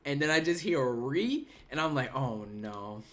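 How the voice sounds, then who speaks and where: A man's voice: a little high, normal speed. A man hosting a casual gaming podcast, telling stories and acting out quoted lines with sudden jumps in his voice. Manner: animated storyteller, acts out quotes with voice jumps. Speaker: podcast host.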